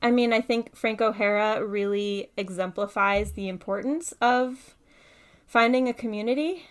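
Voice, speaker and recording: A woman's voice: mid-range voice, normal speed, clear, resonant tone. A woman poet talking casually and thoughtfully about writing, often saying "like" and "right". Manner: thoughtful, uses many fillers like "like" and "right". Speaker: poet and guest speaker. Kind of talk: casual conversational talk with poetry reading.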